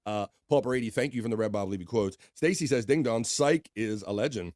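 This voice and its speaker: A man's voice: on the low side, fairly quick, darkish tone, no room sound, studio quality. A man hosting a casual livestream, chatting loosely and reading out viewer comments with easy laughs. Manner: laid-back, chatty, laughs often, reads chat aloud. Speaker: livestream host.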